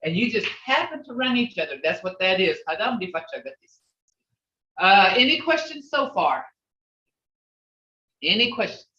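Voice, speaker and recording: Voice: mid-range voice, very animated, normal speed, long pauses, pushed and bright, far from the mic. A language teacher leading an online class, patiently repeating phrases to model their tone. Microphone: video call. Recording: roomy, dull video-call audio.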